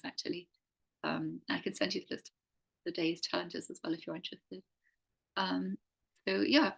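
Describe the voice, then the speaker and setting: Woman teacher, gravelly kinda husky voice, earnest, lots of questions. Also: fairly low pitch, fairly bright tone, low-quality recording. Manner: earnest, full of rhetorical questions. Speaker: teacher and coach. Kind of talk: teaching a faith class to a group.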